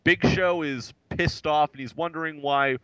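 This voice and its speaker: A man co-hosting a wrestling podcast, chatting in a jokey, excitable way. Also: fairly high pitch, normal speed, clean tone, dry recording, poor audio. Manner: excitable, jokey, drops into impressions. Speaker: podcast co-host. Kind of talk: casual wrestling recap chat.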